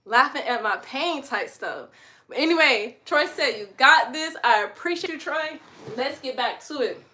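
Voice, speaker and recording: High, bright-voiced woman, breathless workout chat, mic set back in an echoey room. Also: expressive, normal speed, recorded from a distance. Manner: chatty, laughing, counts aloud. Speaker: fitness vlogger. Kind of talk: casual workout livestream chat. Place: home room with an exercise mat.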